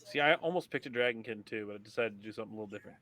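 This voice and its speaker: A man's voice: fairly low pitch, very fast, pushed and bright, slight background noise. A man from California, a player in a casual tabletop chat, rambling with restarts and swearing.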